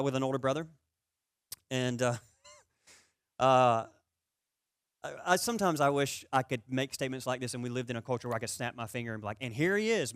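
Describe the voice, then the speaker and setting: A man's voice: mid-range voice, clean tone, dry recording, clean studio sound. A man preaching a sermon as a pastor, talking conversationally, asking the audience questions and acting out stories from his childhood. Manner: storytelling, animated with rising volume in anecdotes.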